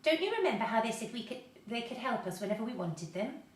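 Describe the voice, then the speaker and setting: A woman's voice: a little high, very animated, fast talker, voice pushed up. A woman voicing a bold, impatient boy who takes the lead. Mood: eager. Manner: firm, impatient. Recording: echoey room, mic at a distance.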